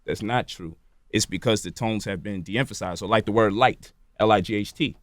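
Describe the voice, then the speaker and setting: A man's voice: lowish voice, normal speed, no echo, clean studio sound. A man, a radio show guest, explaining at length in a lecturing way and checking in with "right?" and "you feel me?". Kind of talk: lecturing interview talk. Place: radio studio.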